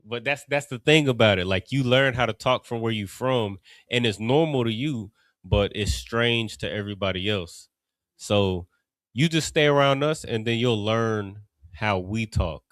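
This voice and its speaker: A man's voice: lowish voice, normal speed, fairly bright tone, dry recording. A man from Cincinnati with an Ohio accent, teaching a class in a loose, conversational way with many asides. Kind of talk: casual teaching talk.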